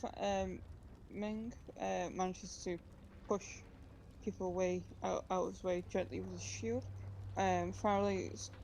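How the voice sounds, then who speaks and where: A woman narrating a tabletop game as game master, hesitant with many pauses and restarts. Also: medium pitch, fairly even intonation, creaky, darkish tone, slight background noise.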